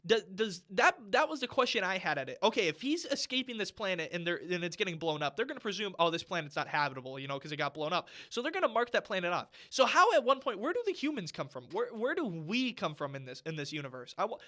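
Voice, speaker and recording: Man, high voice, bright tone, rambling, emphatic, podcast movie rant. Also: big pitch swings, fast, few pauses. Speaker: podcast co-host. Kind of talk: casual movie review rant. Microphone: studio microphone.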